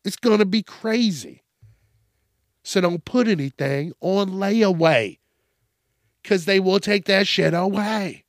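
A man's voice: sits high, slow, long pauses, dry recording, clean studio sound. A young man hosting a podcast, ranting casually in a blunt, heavily profane way. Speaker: podcast host. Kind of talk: casual solo rant.

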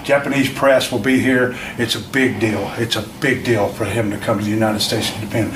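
A man's voice: fairly low pitch, steady tone, fairly quick. Man, veteran wrestler, emphatic rambling coach talk; heard from a distance in an echoey, noisy room. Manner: rambling, emphatic, repeats himself. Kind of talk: motivational pep talk from a promo video.

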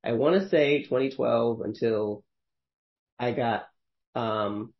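A man in his thirties with a medium-pitched voice talks slowly, and the recording is muffled. Hosting a podcast, he tells casual stories that ramble, packed with fillers and frequent laughs.

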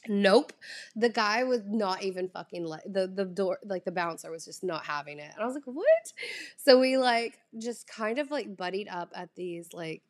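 A woman's voice: medium pitch, moderate pace. A young woman with a Southern US drawl chatting casually to camera, profane and ranting, laughing often. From Southern United States. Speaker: vlogger. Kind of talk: casual chat.

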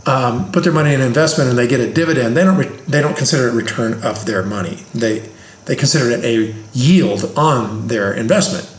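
A man's voice: mid-range voice, fairly quick. A man who explains investing plainly, like a teacher, with everyday examples in a casual conversation. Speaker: investing expert. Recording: roomy echo.

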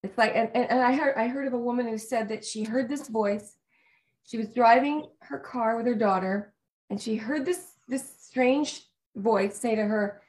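Upbeat woman host, kinda high voice, chatty. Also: normal speed. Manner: enthusiastic, warmly affirming. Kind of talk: casual talk show chat.

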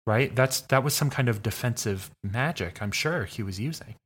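A man's voice: mid-range voice, expressive, normal speed, slightly rough. Rambling man playing a tabletop game. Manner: rambling, many fillers and restarts. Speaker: tabletop player. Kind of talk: casual tabletop role-play chat.

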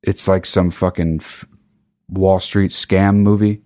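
A man's voice: low voice, level tone, slow, darkish tone. A man hosting a podcast, ranting in a profane, sarcastic, rambling comedic way. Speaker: podcast host. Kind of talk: comedic rant.

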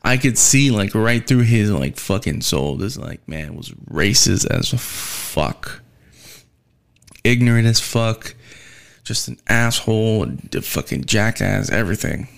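A man's voice: fairly low pitch, animated, takes it slowly, vocal fry. A man working as a delivery driver tells a casual, rambling storytime rant, swearing heavily and sounding weary and fed up. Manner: profane and rambling, heavy swearing.

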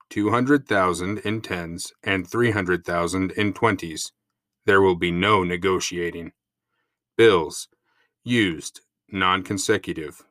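A man voicing a menacing kidnapper, reading ransom demands in a slow, cold, deliberate way. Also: sits low, a bit bright, dry recording, studio quality. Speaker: guest voice reading a ransom letter. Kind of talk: dramatic letter reading.

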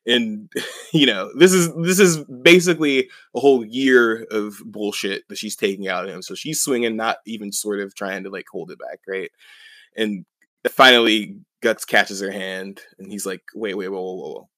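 A man's voice: lowish voice, normal speed, fairly bright tone, no room sound. A young man co-hosting a podcast, casually recapping a story in a rambling way with many fillers and chuckles. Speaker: podcast co-host.

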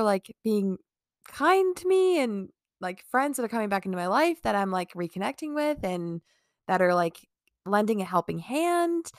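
A woman's voice: mid-range voice, no room sound, studio quality. A young woman vlogger telling a casual storytime, rambling with lots of "like" fillers, swearing and laughing between lines.

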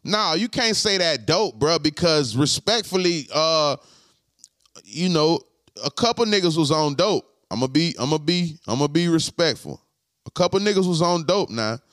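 A man hosting a podcast, talking to his live chat in a slangy, profane way and repeating his points slowly. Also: fairly high pitch, expressive, a bit bright, no room sound, studio quality. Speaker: podcast host. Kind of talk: casual live-stream chat.

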